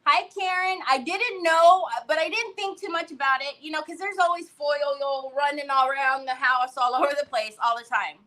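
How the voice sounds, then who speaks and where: A middle-aged woman hosting a crafting livestream, telling a story with animated energy and greeting viewers by name. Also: sits high, normal speed, few pauses, low-quality recording.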